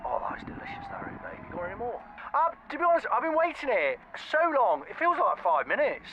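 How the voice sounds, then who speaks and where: A man's voice: very high-pitched, big pitch swings, brisk, highs cut off, background noise. An actor playing a cheery, rambling male street reporter in a comedy radio sketch, chatty and oblivious. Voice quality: chatty and rambling, calls people baby.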